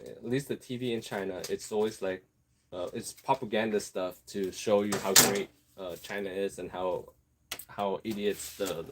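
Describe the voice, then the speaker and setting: A man's voice: on the low side, slight background noise. A man vlogging in a rambling casual chat, digressing and laughing often while he works on an apron. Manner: chatty, digressive, laughs often, easily distracted; talks while sewing an apron.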